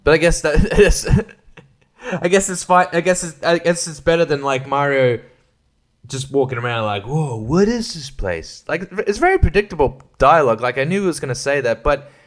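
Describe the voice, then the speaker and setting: A man's voice: fairly high pitch, animated, normal speed. A man hosting a solo podcast, rambling sarcastically, swearing a lot and laughing often. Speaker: podcast host.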